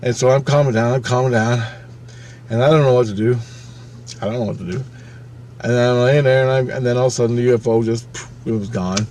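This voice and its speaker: A man in his fifties narrating a personal experience in a loose, unscripted monologue. He talks at a middle pitch, swears freely, and circles back on his own phrases. A faint hiss sits under his voice. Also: fairly even intonation, a little mellow. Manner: profane, emphatic, halting retelling with repeated phrases. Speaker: channel host.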